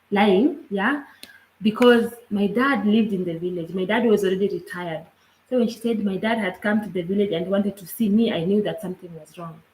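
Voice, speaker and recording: A woman with a Kenyan accent telling a personal story earnestly, in a halting way with frequent asides. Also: mid-range voice, a little mellow. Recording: roomy echo.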